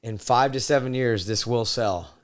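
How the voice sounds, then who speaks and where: A man hosting a podcast from his home man cave, casual talk that builds into loud wrestling-style promo shouting. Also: mid-range voice, normal speed. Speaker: podcast host.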